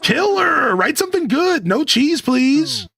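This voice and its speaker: A man's voice: medium pitch, fairly quick, lightly acted. A man voicing a laid-back, friendly male animal villager from a life-sim game, with a drawling surfer-dude way of talking and calling everyone dude. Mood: upbeat. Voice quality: drawling California-style surfer slang. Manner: breezy, calls everyone dude. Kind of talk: reading game dialogue aloud in character.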